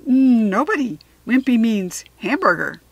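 A fretful schoolgirl trapped in a lunch lady's body, her voice pitched a little high and pushed louder than plain narration, as a woman reads her in a storybook. Her lines come out nervous and flustered, in a dry, close sound. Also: very animated, unhurried, creaky, breathy edge, dry recording, highs cut off, full character voice. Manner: nervous, fretting. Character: anxious schoolgirl stuck as a lunch lady.

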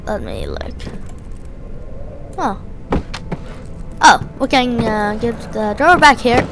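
A woman's voice: a little high, wildly swooping pitch, takes it slowly, gravelly, music in the background. A woman giving playful, jokey let's play commentary, talking to the objects in the game. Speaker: gamer.

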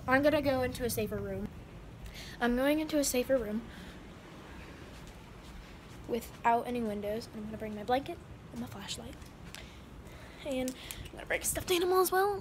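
A teenage girl vlogs from home on a handheld phone. Her voice sits high, and she sounds frightened and jittery, slipping into breathy asides. Faint ambient noise sits behind her. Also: animated, moderate pace, pauses often. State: frightened and shaking. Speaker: vlogger. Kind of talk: casual vlog. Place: indoors at home by a window.

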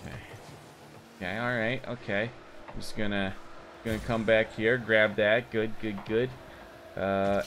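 A young man giving casual live commentary while playing a game online, rambling and self-mocking, with sudden excited outbursts. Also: lowish voice, unhurried, pauses often, slight background noise. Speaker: gaming streamer.

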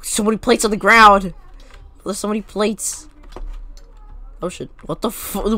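A woman chatting frantically while playing a co-op cooking game, swearing, laughing and shouting orders at her teammate. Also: medium pitch, steady tone, measured pace, pauses often. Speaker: gamer. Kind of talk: casual co-op gameplay chat.

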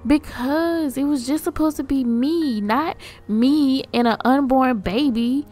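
A woman's voice: high voice, takes it slowly, mellow, faint music behind, voice pushed up. A woman voicing an anxious young pregnant woman in a game story, sounding apologetic and flustered.

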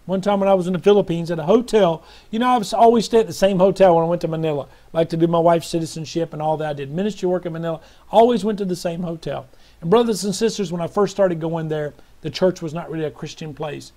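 A man's voice: on the high side, fast talker, mellow. A middle-aged man preaching a sermon with fervent hallelujahs and praise, sometimes breaking into song.

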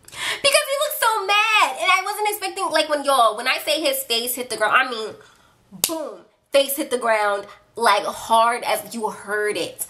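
A young adult woman recounts a story for her vlog in a chatty, animated way, addressing viewers directly. Her voice sits high and sounds bright and sharp. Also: measured pace. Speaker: vlogger. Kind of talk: casual storytime chat to camera.

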